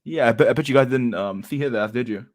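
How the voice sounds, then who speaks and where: A man's voice: medium pitch, fast. A man hosting a livestream, chatting casually with viewers in a rambling, profane way, laughing often with mock outrage. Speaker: livestream host. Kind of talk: casual chat with live viewers.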